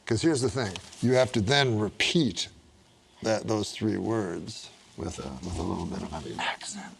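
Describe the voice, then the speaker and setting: A man's voice: on the low side, a little slow, vocal fry, slight background noise. A man hosting a talk show, reading joke cards to his guests in casual chat and laughing at his own jokes.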